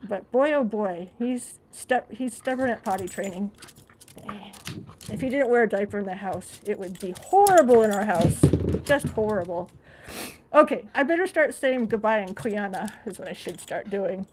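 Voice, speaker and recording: A woman's voice: medium pitch, expressive, moderate pace, a little mellow. A woman live streaming from her living room, chatting casually, reading viewer comments and talking to her dog. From Alaska. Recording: noisy home recording.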